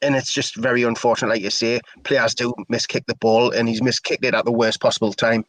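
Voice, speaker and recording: A man's voice: medium pitch, flat delivery, brisk, a bit bright, no room sound, poor audio. A man giving chatty, opinionated live play-by-play commentary for a fan stream. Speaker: match commentator.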